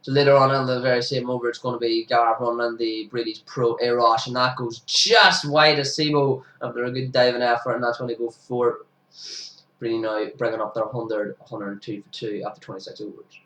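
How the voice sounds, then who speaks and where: A young man, sniffly with hay fever, giving casual commentary over his club's cricket highlights and bursting into excited shouts at big moments. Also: fairly quick. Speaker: amateur cricket commentator for his own club. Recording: roomy sound, distant from the mic.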